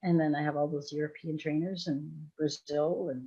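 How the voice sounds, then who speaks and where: A woman's voice: deep voice, little pitch movement, normal speed, mellow, slightly rough. A woman in her sixties from Belgium, a hypnosis trainer chatting casually on a livestream, rambling and often laughing. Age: 60s. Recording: dull lo-fi livestream audio.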